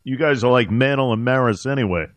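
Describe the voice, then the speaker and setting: A man hosting a talk radio show, speaking haltingly with many fillers and growing heated on politics. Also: medium pitch, dry recording. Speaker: radio host.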